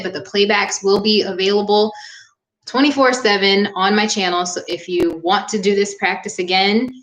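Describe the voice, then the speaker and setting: A young woman yoga instructor wrapping up a live-streamed class, talking in a warm, earnest and chatty way with frequent "um" fillers. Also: medium pitch. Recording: echoey room.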